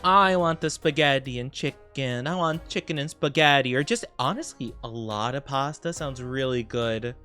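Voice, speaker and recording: A man's voice: medium pitch, moderate pace, hardly any pauses, pushed and bright, clean tone, faint music behind. A bubbly, giggly young man chatting casually with his live-stream audience. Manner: bubbly and giggly, talking straight to chat.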